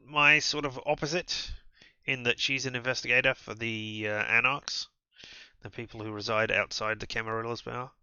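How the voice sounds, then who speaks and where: A man's voice: mid-range voice, steady tone, normal speed, pushed and bright, smooth, dry recording, muffled recording. A man reading a story game aloud and adding wry asides as he plays. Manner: wry asides between read lines. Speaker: streamer playing a visual novel.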